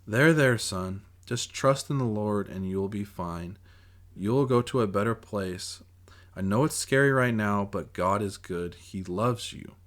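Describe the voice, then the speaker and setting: A man voicing a calm, devout mother who soothes her son in a preachy way, in a self-read audiobook. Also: lowish voice, measured pace, lightly acted. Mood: soothing. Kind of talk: audiobook character voice.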